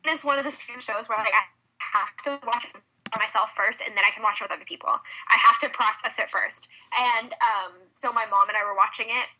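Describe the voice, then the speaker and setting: A chatty woman rambles through a podcast conversation, laughing easily. Her voice is fairly high and very bright, and it comes through a thin, phone-like line. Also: fairly even intonation, brisk, slightly rough. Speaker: podcast co-host. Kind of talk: casual chat.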